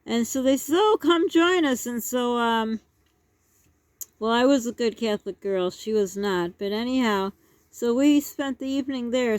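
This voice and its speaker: A woman's voice: on the high side, darkish tone, dry recording. A woman in her sixties telling a childhood story in a rambling vlog, with many asides and restarts. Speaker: vlogger.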